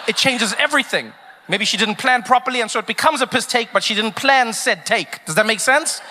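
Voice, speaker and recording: A man performing a stand-up comedy routine, riffing in an animated, mock-puzzled way and acting out quotes. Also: very high-pitched, fairly quick, slight background noise. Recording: reverberant hall, faint ambience.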